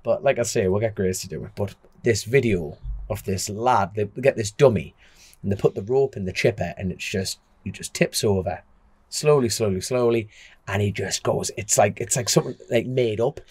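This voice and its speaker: A man with a low, husky voice spins a rambling anecdote in relaxed podcast chat. His delivery is blunt and informal, with slight roughness in the tone. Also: moderate pace. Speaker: podcast co-host. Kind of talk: casual chat, storytelling.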